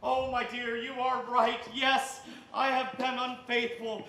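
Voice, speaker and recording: A man's voice: very high-pitched, little pitch movement, slow, pushed and bright, exaggerated voice. A man improvising a meek, sheepish husband who confesses to cheating. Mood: pleading. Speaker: improv performer. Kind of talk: improv comedy scene. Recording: echoey stage, faint noise.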